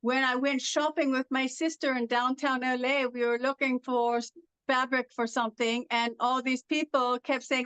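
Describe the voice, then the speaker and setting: High clear-voiced woman with an unusual accent. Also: level tone, normal speed, fairly bright tone, no room sound, low-quality recording. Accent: foreign accent syndrome, heard as European. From California, USA. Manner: storytelling with many fillers. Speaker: guest. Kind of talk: interview about her condition.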